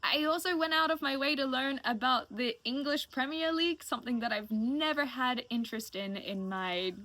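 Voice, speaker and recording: Talking at normal speed in a high, sharp voice with no room sound, a woman in her late twenties streams live. Her chat with viewers is casual and emotional, rambling, and full of gratitude.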